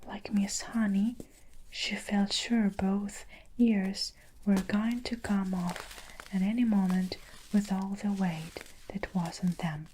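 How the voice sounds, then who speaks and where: A woman narrating a story in whispered role-play, her words unhurried and breathy. Her tone is mellow and dark, at a middle pitch. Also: steady tone, slight background noise, low-quality recording. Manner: slow, hushed storybook narration. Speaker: ASMR storyteller.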